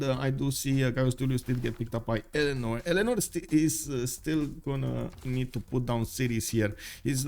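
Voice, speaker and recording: A man casting a strategy game match, working through the action with lots of "uh" fillers. His voice sits at an ordinary middle pitch, and he often thinks out loud. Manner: many fillers, thinking aloud, bursts of excitement. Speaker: esports caster. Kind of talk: live game commentary.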